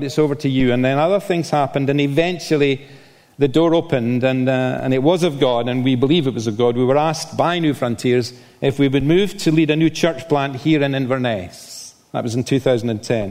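An older man from Scotland with a softened Scottish accent, preaching a sermon as a visiting speaker, with frequent "uh" fillers and a self-deprecating manner. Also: a little high. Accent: Scottish, softened by years in England. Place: church. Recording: long reverb of a church hall.

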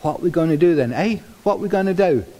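A clueless male vulture with a rough cockney accent, as a preacher puts him on. The voice sits a little high and swings up and down. It rings out in a reverberant hall. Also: lively intonation, fast talker, warm tone, slight background noise, close to an everyday voice. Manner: rough, self-mocking imitation.

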